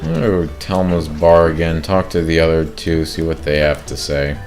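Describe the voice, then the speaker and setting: A man's voice: very deep voice, a little fast, a little mellow, faint music behind. A man hosting a let's play, talking casually and self-deprecatingly as he plays. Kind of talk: gameplay commentary.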